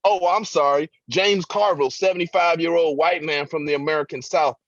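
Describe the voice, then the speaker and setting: A man's voice: fairly high pitch, fairly even intonation, a little fast, no room sound, lo-fi sound. A man giving impassioned political commentary as a radio guest, with emphatic, preacher-like rhetoric.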